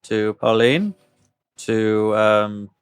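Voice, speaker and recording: Guy at a tabletop rpg, smooth clear voice, lots of ums, dry close sound. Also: on the low side, extremely slow, no room sound. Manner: hesitant, many filler sounds. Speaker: tabletop player. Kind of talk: in-character roleplay chat.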